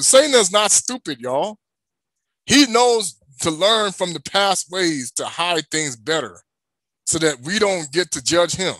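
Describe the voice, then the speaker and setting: A man with a high, bright, ringing voice preaches with emphasis. He keeps asking the listener questions and then answering them himself. The sound is close and dry, with no room echo. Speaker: religious teacher. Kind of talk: preaching to an online audience.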